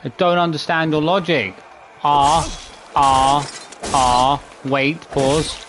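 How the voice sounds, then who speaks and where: A man's voice: a little high, lively intonation, slow, fairly bright tone, slight background noise. A man streaming a video game, exasperated, swearing and counting his button presses aloud. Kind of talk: live gameplay commentary.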